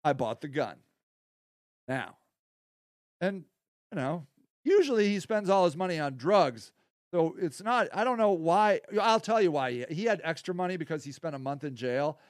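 A man with a somewhat high voice talks off the cuff as a podcast host. He rambles and curses bluntly, dropping low for asides and rising when heated. The sound is dry and close, with no room around it. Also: lively intonation, normal speed, pauses often, no room sound. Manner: rambling, blunt and profane, swings from quiet to heated. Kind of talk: casual monologue.

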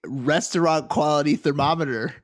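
A man's voice: a little high, normal speed. A man co-hosting a podcast in casual chat, blunt and profane. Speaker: podcast co-host.

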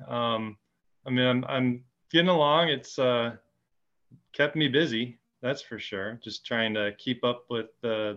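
A man being interviewed as a guest, answering hesitantly with many pauses and restarts. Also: mid-range voice, highs cut off. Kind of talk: casual interview.

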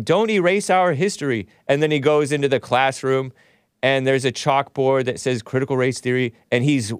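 A man's voice: medium pitch, clear, resonant tone, no room sound, clean studio sound. Sarcastic ranting male podcast host. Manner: combative, sarcastic ranting with frequent restarts. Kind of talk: solo political commentary.

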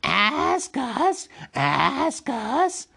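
A man voicing a small, sly, desperate creature that hisses, wheedles and shrieks in a high, strained voice, reading from a storybook. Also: wildly swooping pitch, extremely slow, vocal fry, bright, forceful tone, slightly rough, heavily acted. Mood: wheedling. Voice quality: hissing, shrill.

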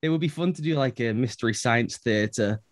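A man's voice: medium pitch, a little fast, no echo. A man from England with a Liverpool accent, co-hosting a podcast in casual chat and laughing often. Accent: English, Liverpool. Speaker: podcast co-host.

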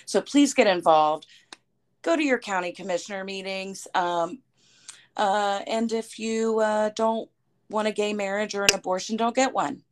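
Woman co-host, earnest, emphatic, mid-pitched voice. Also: normal speed, clean tone. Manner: earnest, emphatic lists of points. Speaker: podcast co-host and editor. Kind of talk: casual political chat.

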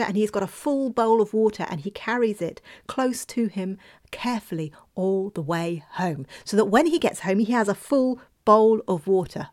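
A woman telling a folk tale in a lively, expressive way, dropping at times into a whisper. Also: mid-range voice, normal speed. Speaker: storyteller.

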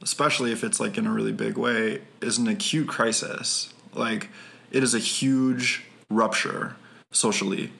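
A man co-hosting a podcast in casual conversation, with a low-key, unexcited delivery. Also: fairly even intonation, normal speed, gravelly, bright, forceful tone. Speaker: podcast co-host.

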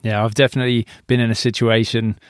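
A male podcast host who backs up his guest with a steady stream of agreement and shares his own stories in a relaxed way. His voice is recorded dry and close, with no room sound around it. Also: medium pitch, fast talker, smooth, no echo. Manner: agreeable, encouraging, frequent yeahs. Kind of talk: casual interview chat.

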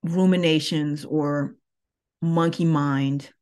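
A woman who teaches yoga, talking through her thoughts slowly and reflectively, with many pauses. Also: deep voice, steady tone, a little mellow. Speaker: yoga teacher and podcast host. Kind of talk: reflective solo podcast talk.

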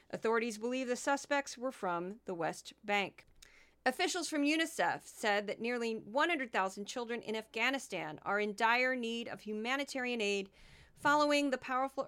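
Woman podcast host, bright higher voice, sarcastic, animated delivery. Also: clear, resonant tone. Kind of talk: sarcastic commentary and news rundown.

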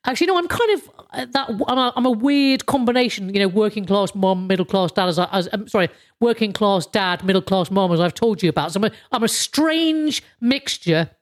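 A woman's voice: mid-range voice, lively intonation, a little fast, hardly any pauses. A British woman hosting a podcast in a casual monologue, rambling with frequent chuckles and casual swearing. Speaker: podcast host.

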